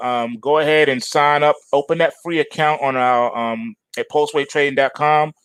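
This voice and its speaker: A man's voice: fairly bright tone, no echo. A man hosting a live trading stream, talking casually and joking with his chat. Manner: playful, jokey, swings into high mock-whiny bits. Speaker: trading show host.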